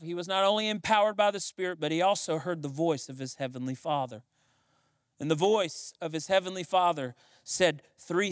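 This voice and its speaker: A man's voice: high-pitched, a bit bright, no room sound, clean studio sound. A middle-aged man preaching a sermon as pastor, building to emphatic, repeated lines. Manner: preaching with rising emphasis and repetition.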